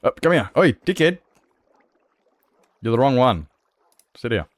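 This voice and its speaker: A man's voice: medium pitch, sing-song, measured pace, no room sound. A man chatting casually on a gaming livestream, swearing freely and laughing often. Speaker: streamer.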